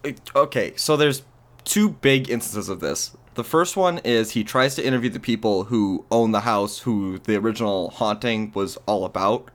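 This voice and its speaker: A man's voice: fairly low pitch, normal speed. Man retelling a story in disbelief. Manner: incredulous storytelling, lots of "like". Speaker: podcast co-host. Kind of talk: casual chat.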